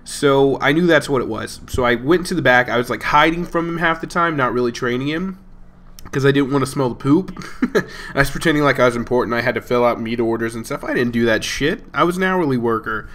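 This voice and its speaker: Young male gaming host, mid-pitched, casual, rambling storyteller who chuckles often. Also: a little fast, fairly bright tone. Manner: rambling and amused, chuckling between lines. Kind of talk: casual storytelling over gameplay.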